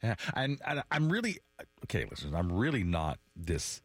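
A man's voice: lowish voice, very animated, normal speed, dry recording. A man hosting a radio morning show, chatting casually with a colleague and laughing easily. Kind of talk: casual on-air chat. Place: radio studio. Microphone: studio mic.

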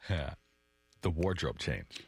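A man's voice: rumbling low, animated, takes it slowly, slightly rough. A man hosting a radio morning show, chatting casually with a colleague and laughing easily. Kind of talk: casual on-air chat. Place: radio studio. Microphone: studio mic.

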